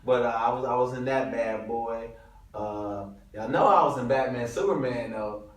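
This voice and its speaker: A man from Detroit tells a story as an interview guest, slangy and animated with frequent laughter. His voice sits at an ordinary middle pitch. He sounds distant from the mic in a very echoey room. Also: moderate pace. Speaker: guest comedian.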